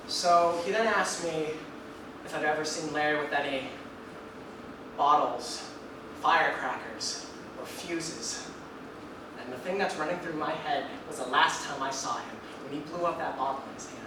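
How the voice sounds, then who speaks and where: A man's voice: on the high side, unhurried, pauses often. Young man telling a story on stage, echoey. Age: young adult. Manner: animated, acts out the scenes. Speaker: solo stage performer. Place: theater stage before an audience. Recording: echoey live theater, distant mic, noisy.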